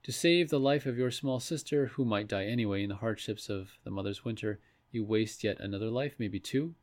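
A man reading a grieving solemn witch in a storybook, speaking in a measured, steady way. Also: on the low side, close to an everyday voice. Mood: stern.

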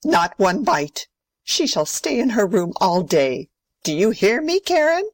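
A woman's voice: mid-range voice, very animated, unhurried, no echo. A woman playing a strict, proper old grandmother who scolds sternly. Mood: scolding. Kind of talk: amateur play reading.

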